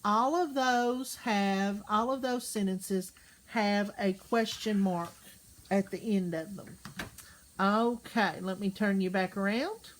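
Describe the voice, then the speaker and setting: A woman's voice: medium pitch, steady tone. A woman teacher giving a recorded lesson to young children, patient and full of questions. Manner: slow, patient, asks questions and checks in with "okay?".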